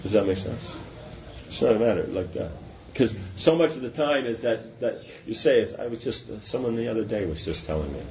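A man's voice: fairly low pitch, lively intonation, a little fast, a little mellow. A man giving a scripture class in a loose, conversational way, often stopping to ask if his listeners follow. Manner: conversational, checks understanding with asides. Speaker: religious teacher. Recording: dull lo-fi with faint noise.

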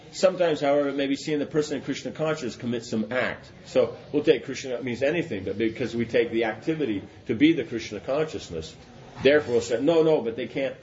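On a dull, lo-fi recording with faint noise, a man with a medium-pitched, darkish voice teaches scripture. As a religious teacher, he keeps things conversational, frequently checking with asides that his listeners are following along.

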